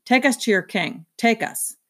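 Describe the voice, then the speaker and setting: A woman's voice: on the high side, lively intonation, normal speed, pitched above the performer's own voice. A woman reading aloud, voicing a grave, commanding older man with a solemn, formal manner.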